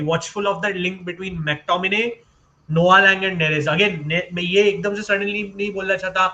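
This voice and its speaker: A man's voice: high-pitched, pushed and bright, poor audio. A man from India co-hosting a live football chat, switching between English and Hindi and correcting himself readily. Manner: mixes English and Hindi mid-sentence; laughs easily, self-correcting. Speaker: podcast co-host. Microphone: live stream setup.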